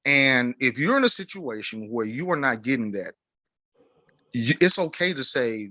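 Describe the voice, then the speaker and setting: A man who works as a life coach, speaking on a casual podcast in an emphatic, preachy way, acting out imagined inner voices with big swings in pitch. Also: very animated, normal speed, bright, forceful tone, dry recording.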